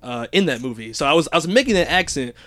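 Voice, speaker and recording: Man, podcast host, casual chat, lively pitch, somewhat high voice, dry recording. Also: quick pace, no echo. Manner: animated, laughs often, reads reviews aloud.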